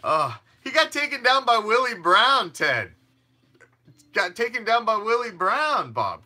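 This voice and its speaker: A man's voice: extremely high pitch, sing-song, unhurried, pushed and bright. A man hosting a fan sports show, talking casually in a rambling, emphatic way with frequent restarts and some swearing. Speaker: fan podcast host.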